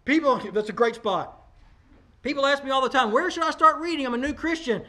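A man's voice: very high voice, brisk, bright, forceful tone. A man, preaching a sermon in a conversational, emphatic way, talking straight to the congregation. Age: 40s. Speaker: pastor.

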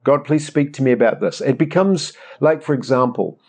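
Casting: middle-aged New pastor, chatty, animated, mid-pitched man. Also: moderate pace, slightly rough. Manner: animated, rambling storyteller acting out prayers. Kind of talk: conversational sermon.

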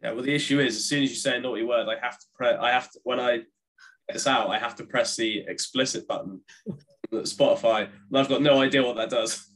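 Male co-host, mid-pitched, easygoing and jokey. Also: fast talker, poor audio. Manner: relaxed and joking. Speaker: podcast co-host. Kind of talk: casual football podcast chat.

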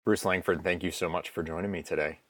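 A man with a low voice hosts a casual interview, chatting loosely and rambling with fillers. The sound is dry and close, with no room echo. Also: steady tone, fast talker. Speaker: interview host.

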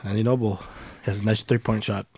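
A man's voice: fairly low pitch, fairly even intonation, fast talker, a little mellow, breathy edge, dry recording. A man co-hosting a podcast in casual chat, mostly giving short laid-back replies. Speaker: podcast co-host.

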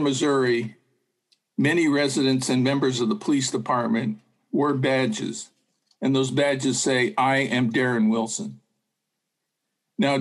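A man's voice: medium pitch, poor audio. A man giving an impassioned speech at a forum, building his points through rhetorical repetition. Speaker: speaker at a forum.

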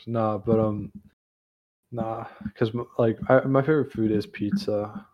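In a muffled recording, a young male host with a lowish, steady voice speaks unhurriedly. The chat is casual, and he rambles with lots of fillers, restarts, and self-corrections.

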